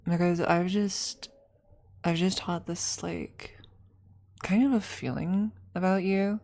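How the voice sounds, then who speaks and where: A woman's voice: on the low side, steady tone, a little mellow, voice pushed up. A woman playing a shy flirty classmate, whispered role-play. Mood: hesitant flirty. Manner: hesitant, full of likes and trailing pauses.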